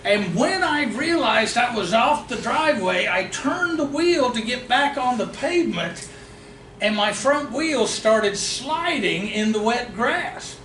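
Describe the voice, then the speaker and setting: High-voiced man telling stories at a seminar. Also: slow. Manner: animated, laughing storyteller. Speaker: real estate investing trainer. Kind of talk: storytelling seminar talk. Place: meeting room of an investors' association. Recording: roomy hall, distant mic, background noise.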